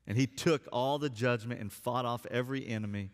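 A man's voice: medium pitch, a little fast. A man preaching a sermon as pastor, speaking earnestly and drawing out key words for emphasis. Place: church sanctuary. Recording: long reverb of a church hall.

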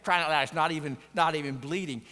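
A man speaking as a gruff father who curtly tells his crying little boy to shake it off, heard with long hall reverb. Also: fairly high pitch, quick pace, bright, forceful tone. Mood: gruff, impatient. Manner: curt, scolding, brushing off hurt.

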